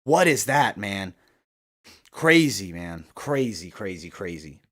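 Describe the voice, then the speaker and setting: A livestream host covering fight night speaks slowly in a lowish, slightly bright voice with big pitch swings. He takes viewer comments and answers them, swearing a lot while heatedly ranting about the judging.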